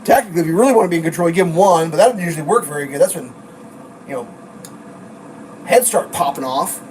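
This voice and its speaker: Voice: medium pitch, lively intonation, fast, darkish tone, recorded from a distance, poor audio. A live streamer ranting in a profane, sarcastic, exasperated way during a casual live stream. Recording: clear background noise.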